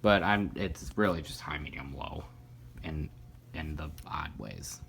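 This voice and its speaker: A man's voice: a bass voice, unhurried, gravelly, a bit bright, a little hiss or hum. A man casually narrating a hobby video about a ceiling fan, rambling with lots of fillers and self-deprecating asides. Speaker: ceiling fan collector showing a fan.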